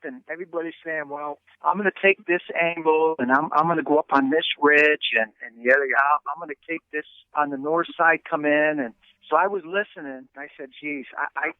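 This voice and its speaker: A man telling a hunting story in an interview, animated, with many stammered restarts and a habit of asking "right?". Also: a little high, no echo. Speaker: hunting guest. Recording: tinny phone line.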